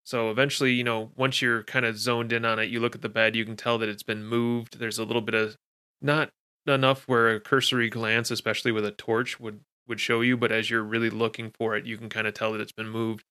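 Game master, male, crisp bright tone, casual scene narration. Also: medium pitch, level tone, brisk. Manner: casual, descriptive, with fillers.

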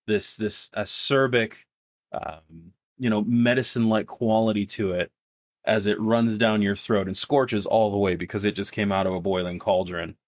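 A man's voice: fairly low pitch, fairly even intonation, normal speed, no room sound, studio quality. A man narrating as game master in a tabletop game, with vivid, descriptive narration.

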